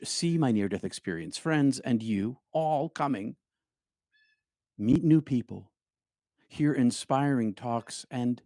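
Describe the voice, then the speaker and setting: Slow, mellow-voiced man giving a spiritual talk. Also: medium pitch, dry recording, studio quality. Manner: slow, reflective, drops to near-hushed phrases. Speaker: spiritual speaker and show host.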